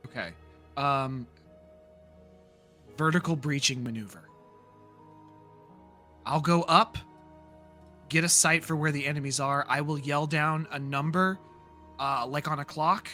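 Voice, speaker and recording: A man taking his turn in a tabletop game, his voice a touch high and very bright. He plans out loud in quick bursts, eager and a little scattered, with music playing faintly in the background. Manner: quick, energetic planning, rattles off ideas. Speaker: player. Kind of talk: casual tabletop play.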